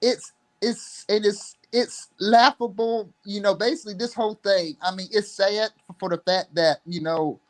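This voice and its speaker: A young man joining a livestream chat as a guest, speaking hesitantly with many pauses and restarts. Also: sits high, fairly even intonation. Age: young adult.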